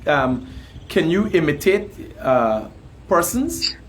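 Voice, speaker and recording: Deliberate talk show host, lively pitch. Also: a little hiss or hum, low-quality recording. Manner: slow, deliberate questions with many fillers.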